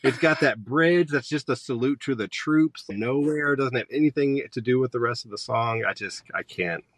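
A man in his thirties, a high school teacher, guest on a podcast, talking casually and opinionated, drifting onto tangents. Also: moderate pace, a bit bright, no room sound. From Georgia, US. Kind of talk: casual conversation.

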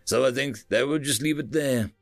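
A man's voice: mid-range voice, normal speed, creaky, dry recording, soft background music, pitched above the performer's own voice, natural voice. A man voicing a friendly, wry alien speaking over the ship's comms in a casual, chatty way.

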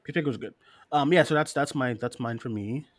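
Talking fast in a mid-range voice with no echo, this live-stream co-host reads out listener questions on a casual show. He's animated and profane, laughs a lot, and slips into mocking voices.

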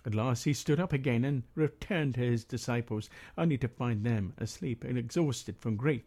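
Mellow-voiced man reading scripture. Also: medium pitch, normal speed. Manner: steady reading, with hesitant fillers when speaking freely. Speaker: prayer meeting leader reading scripture. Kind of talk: Bible reading and spoken commentary.

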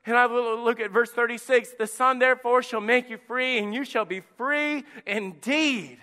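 A male pastor preaching a passionate sermon, swinging from quiet to loud. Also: very high-pitched, fairly even intonation, moderate pace, few pauses. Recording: echoey church hall.

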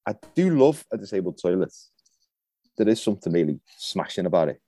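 A man's voice: deep voice, expressive, fairly quick, dark tone, husky, no echo, clean studio sound. A man in his thirties co-hosting a podcast in a laid-back, joking way, trailing off and restarting his sentences. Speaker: podcast co-host. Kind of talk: casual chat.

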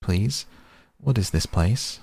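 Man putting on a polite curious little girl, lifted a bit from a low husky voice, earnest questions. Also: lively intonation, slow pace, warm tone, no echo, full character voice.

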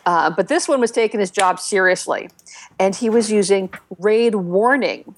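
Chatty woman podcaster, mid-pitched. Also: normal speed, slight background noise. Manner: chatty storytelling with many fillers and restarts, animated when quoting others. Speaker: podcast co-host. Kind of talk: casual chat about a video game.

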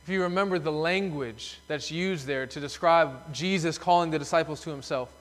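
Preaching a sermon in a church sanctuary, a man with a high, fairly bright voice and moderate pace tells the story with emphasis. His words ring with the long reverb of the hall.

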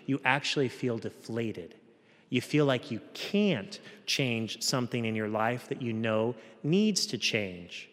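Priest preaching in a reverberant church. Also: male voice, medium pitch. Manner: conversational, acts out quoted voices with shifts in tone. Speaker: Catholic priest. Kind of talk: homily at Mass.

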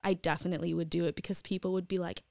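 A woman guesting on a podcast in a home studio, chatting in a lively way with frequent laughter and no regional accent. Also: fairly low pitch, racing, vocal fry, no echo. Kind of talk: casual interview chat.

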